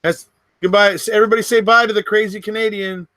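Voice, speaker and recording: A middle-aged West Coast American man hosts a casual livestream, chatting with viewers and rambling with quick laughs between remarks. His voice is high and sharp, with fairly even intonation, and the recording has no room sound.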